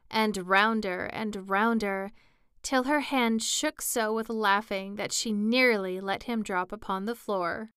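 A woman narrating a storybook as an audiobook, in a slow, even storytelling manner. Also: medium pitch, smooth, no room sound, clean studio sound. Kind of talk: audiobook reading.

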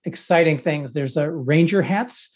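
A man's voice: a little high, unhurried, darkish tone, breathy edge. A middle-aged man co-hosting a casual podcast, trading dry, sarcastic jokes with his friend. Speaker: podcast co-host. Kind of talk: casual chat.

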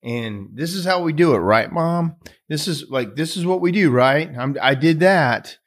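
A man voicing an excited four-year-old boy who wants his parents' praise, raising his voice to sound childlike. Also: normal speed. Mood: eager. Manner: eager, raised childlike pitch.

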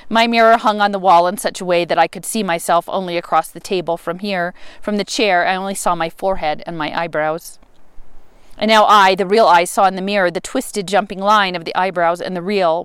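Expressive woman reading a novel aloud. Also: fairly low pitch, fairly quick, clean tone, dry recording. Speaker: reader.

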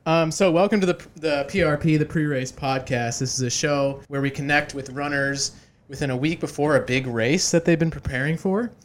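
A man's voice: fairly high pitch, moderate pace. A man hosting a casual podcast chat, joking and laughing often, with many fillers. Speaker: podcast host.

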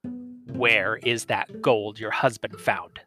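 A man voicing a menacing robber who speaks low and hushed with threats. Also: fairly even intonation, slow, faint music behind. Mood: threatening. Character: menacing gang of male robbers.

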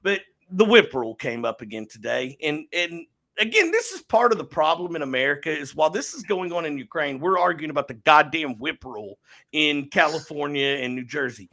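A man with a bright, gravelly voice holds forth in a casual podcast chat. He rants bluntly and swears freely, pushing his points with quick bursts. His pitch sits a little high for a man. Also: expressive. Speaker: podcast co-host.

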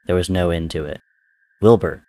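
Deep-voiced man narrating a dark tale. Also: fairly even intonation, moderate pace, no room sound. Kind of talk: dramatic story reading.

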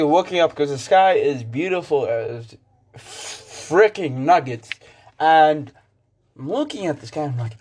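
A man's voice: fairly high pitch, a little mellow. A young man in his teens telling a story in a rambling, slangy way with lots of fillers. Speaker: vlogger. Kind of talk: casual storytelling.

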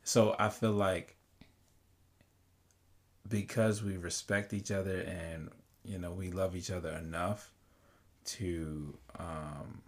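A man talking calmly and quietly with his partner about how they handle conflict. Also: deep voice. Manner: soft-spoken, unhurried, lots of quiet agreement. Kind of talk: casual couples chat.

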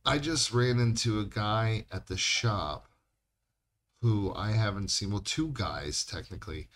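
Very deep-voiced man telling road stories. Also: unhurried, a bit bright. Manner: rambling, swears a lot. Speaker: podcast co-host. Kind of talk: casual chat.

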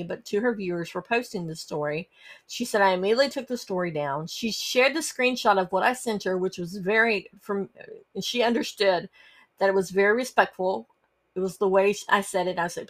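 Middle-aged lady hosting her podcast, lowish voice, earnest, lots of ums and restarts. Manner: earnest, conversational, with frequent fillers and restarts. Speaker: podcast host. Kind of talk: personal storytelling podcast.

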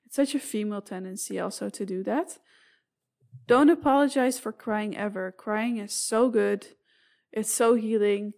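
A woman's voice: mid-range voice, moderate pace, creaky, a little mellow. A woman hosting her own podcast, talking earnestly and a little meanderingly, with many fillers and restarts. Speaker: shaman podcast host. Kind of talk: solo podcast monologue.

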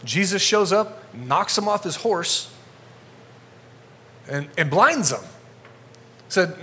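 A man's voice: high-pitched, expressive, slow pace, pauses often, pushed and bright, a little hiss or hum. Fired-up conversational male pastor. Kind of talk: sermon. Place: church in front of a congregation.

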